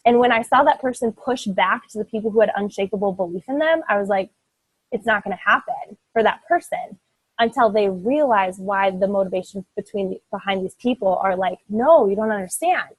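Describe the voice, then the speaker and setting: Earnest husky young woman coach. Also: medium pitch, fairly quick, dry recording, low-quality recording. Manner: earnest, emphatic, rambling with many "like"s. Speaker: fitness team coach. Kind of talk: motivational talk to her team.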